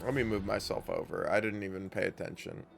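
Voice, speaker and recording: A man's voice: lowish voice, fairly even intonation, fast, gravelly, faint music behind. A young man livestreaming a game, joking profanely and laughing often. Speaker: streamer. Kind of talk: casual gaming livestream chat.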